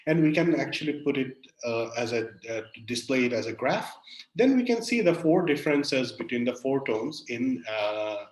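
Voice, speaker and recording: Guy giving an online lecture, lots of uhs, roomy echo. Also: medium pitch. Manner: explanatory, many fillers and pauses. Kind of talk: academic webinar lecture. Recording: echoey room.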